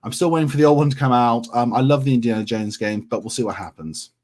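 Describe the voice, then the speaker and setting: A man from England hosts a casual livestream and answers viewer questions one after another. He talks in a friendly, rambling way and fills his pauses with plenty of ums. His voice sits at an average pitch for a man. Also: darkish tone. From England, grew up around Milton Keynes. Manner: friendly, chatty, many ums, reads comments aloud. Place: home in North Yorkshire.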